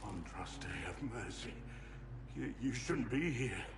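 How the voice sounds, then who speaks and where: An actor playing a weary soldier in a video game, speaking in a shaken, disbelieving way. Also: male voice, medium pitch, lively intonation, takes it slowly, heavy background noise. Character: weary soldier in a grim future.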